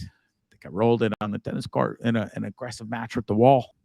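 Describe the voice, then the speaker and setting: A man's voice: medium pitch, fast talker, vocal fry, no echo. A man hosting a live show, talking casually with a profane, rambling manner. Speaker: host.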